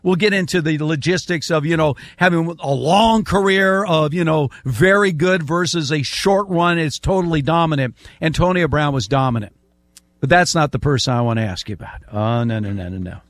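A man's voice: a little high, moderate pace, a bit bright, no room sound. An older man hosting a casual sports debate, making emphatic points and reeling off statistics. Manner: emphatic, lists stats at length. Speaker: sports talk host.

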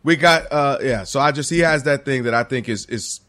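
A man's voice: medium pitch, normal speed, a bit bright. A man co-hosting a sports talk show, bantering and teasing his colleagues playfully.

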